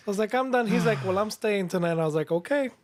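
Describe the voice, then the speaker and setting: Male co-host, high voice, playful and teasing in casual chat. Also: expressive, quick pace. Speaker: podcast co-host.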